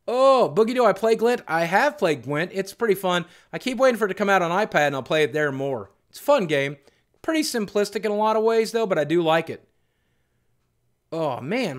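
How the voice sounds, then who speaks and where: A male streamer chatting casually with his viewers, rambling and thanking them as he goes. His voice sits notably high for a man. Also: sing-song, normal speed. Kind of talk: casual live-stream chat.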